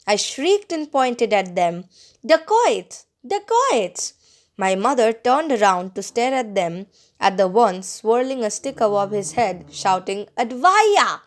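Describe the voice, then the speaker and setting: A woman narrating a story as an audiobook reader, expressive and bringing out the dialogue. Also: fairly high pitch.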